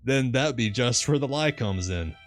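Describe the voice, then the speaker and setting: A man's voice: medium pitch, expressive, moderate pace, soft background music, voice pushed up, lightly acted. A man voicing a garrulous old seaside sailor who grumbles in a thick rustic dialect. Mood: ranting. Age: older.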